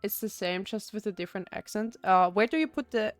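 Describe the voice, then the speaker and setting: A woman's voice: medium pitch, brisk, dry recording. A young woman from Austria, chatting casually while streaming a game, rambling with many fillers and restarts. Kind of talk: casual gameplay chat.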